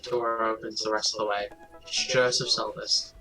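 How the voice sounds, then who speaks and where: A man's voice: fairly low pitch, level tone, moderate pace, poor audio. A man hosting a let's play, reading the game's narration aloud and joking with his co-host, with game music behind.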